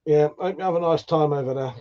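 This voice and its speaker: A man with a slightly high voice hosts a relaxed livestream and greets viewers by name. He sounds a bit tired and swears casually. The audio is dull and lo-fi. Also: quick pace. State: tired, yawning. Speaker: livestream host. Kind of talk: casual live chat reading viewer comments.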